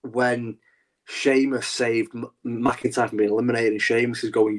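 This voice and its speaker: A man's voice: medium pitch, level tone, normal speed, darkish tone. A man co-hosting a wrestling podcast, talking animatedly in a rambling, casual way with lots of restarts. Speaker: podcast co-host.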